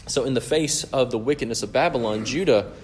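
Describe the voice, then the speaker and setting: A man's voice: medium pitch, fairly quick, darkish tone. Earnest preaching man, faint hiss. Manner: earnest, teaching tone, asks "right?" often. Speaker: pastor. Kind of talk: sermon.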